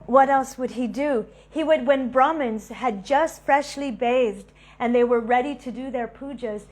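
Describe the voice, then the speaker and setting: A woman giving a devotional talk, telling lively stories and laughing between them. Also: high-pitched, unhurried. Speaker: devotional speaker.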